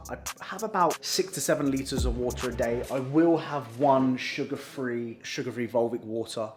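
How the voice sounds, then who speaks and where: A young man talking casually to camera as a bodybuilding coach, swearing freely and making chatty asides. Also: mid-range voice. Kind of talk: casual vlog talk to camera.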